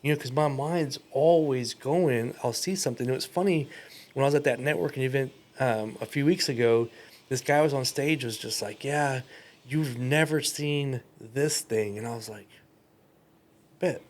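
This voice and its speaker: A man's voice: medium pitch, moderate pace, darkish tone. A man chatting as a podcast guest and brand coach, telling stories, acting out quoted dialogue and laughing often. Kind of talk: casual chat.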